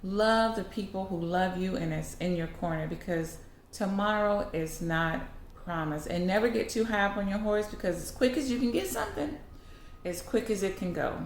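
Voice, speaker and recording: A woman's voice: mid-range voice, moderate pace, roomy sound, slight background noise. A woman vlogger telling a story casually to her viewers. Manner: chatty, animated.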